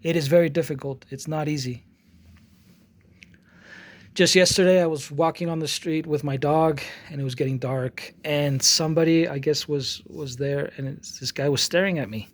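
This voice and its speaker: A man in his forties, an artist, talks casually to his channel in a slightly high voice with a steady tone and normal speed. Rambling, he restarts often and repeats words, acting out both sides of an argument as he tells a story.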